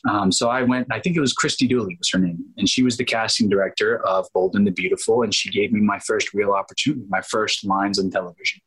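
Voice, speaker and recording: A man in his thirties, an actor interviewed as a guest, telling stories in an animated way and acting out quotes. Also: lowish voice, fast talker, hardly any pauses, husky, rough recording. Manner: animated, acts out quotes in changed voices, laughs often. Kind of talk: casual storytelling interview.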